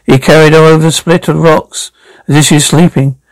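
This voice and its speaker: A man narrating and performing every part of an amateur radio drama reading, with halting restarts. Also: fairly high pitch, level tone, no echo, poor audio.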